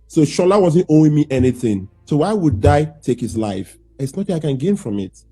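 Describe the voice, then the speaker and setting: A man's voice: fairly high pitch, big pitch swings, a little fast, mellow, slightly rough, soft background music, exaggerated voice. A man playing a young defendant accused of murder, hesitant and defensive in a student courtroom role-play. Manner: hesitant, restarting sentences, pleading. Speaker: accused man testifying in a mock trial.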